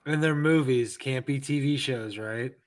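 A man's voice: mid-range voice, measured pace. A man from the United States co-hosting a podcast, chatting casually and dropping fan knowledge with jokes. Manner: knowledgeable, joking. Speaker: podcast co-host. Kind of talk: casual chat.

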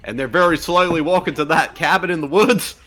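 A man's voice: on the high side, brisk, fairly bright tone. A man chatting casually over a movie he is watching, joking and rambling with frequent laughs. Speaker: co-host.

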